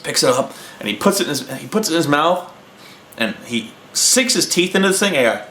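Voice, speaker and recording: Male host, rambling storyteller, lively pitch, echoey room. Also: fairly quick, a little hiss or hum. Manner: rambling, animated, acting out quotes. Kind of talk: casual anecdote telling.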